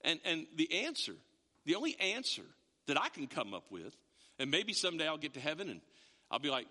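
A man preaching a sermon as a pastor, in an animated, conversational way with frequent restarts. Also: a little high, fairly quick, big-room sound.

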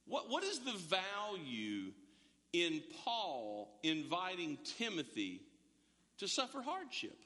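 A man's voice: high voice, huge pitch swings, slow, sharp tone, in a large hall. A male pastor preaching an emphatic, streamed sermon, full of rhetorical questions and stammered restarts. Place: church, large hall, streamed.

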